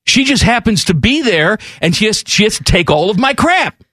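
A man hosting a radio show, joking loudly and mocking himself in casual banter. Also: high-pitched, big pitch swings, moderate pace, slightly rough, no echo, studio quality. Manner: loud, joking, self-mocking.

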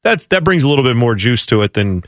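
A man hosting a casual sports talk radio show, chatty and bantering quickly with his co-host. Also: medium pitch, very animated, fairly bright tone, no echo, studio quality. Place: radio studio. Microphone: studio microphone.

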